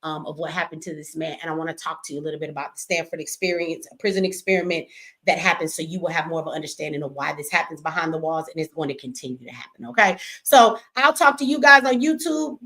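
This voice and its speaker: A woman's voice: fairly low pitch, quick pace, a bit bright. A middle-aged woman, an activist host delivering an angry, profane livestream rant, tearful at times. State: crying.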